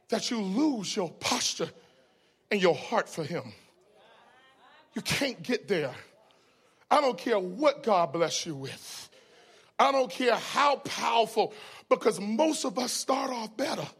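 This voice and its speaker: A male preacher with a strikingly high voice delivers a sermon full of funny stories. His tone is bright and forceful. He jumps from near-shouted punchlines to soft, hushed asides. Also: slightly rough. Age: adult with children. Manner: animated, swings from loud exclamations to hushed asides. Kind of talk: sermon with humorous storytelling.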